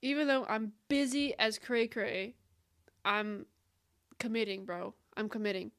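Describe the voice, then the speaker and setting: A woman hosting a live stream, talking casually to her chat in a fairly high voice. She giggles often and her talk is effusive and emotional, at an unhurried pace. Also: steady tone, a bit bright. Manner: giggly, often laughing, calls viewers "bro".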